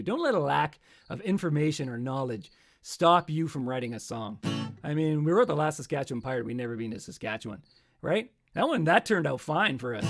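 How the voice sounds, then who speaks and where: High-voiced man joking between songs. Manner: rambling, joking, self-mocking asides. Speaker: musician hosting a livestream. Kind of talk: casual livestream chat between songs. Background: acoustic guitar.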